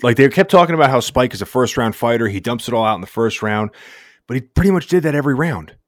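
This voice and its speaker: A man's voice: mid-range voice, expressive, fast, no echo, clean studio sound. A man co-hosting a casual sports podcast, laid-back and slangy, rambling through recaps. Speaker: podcast co-host.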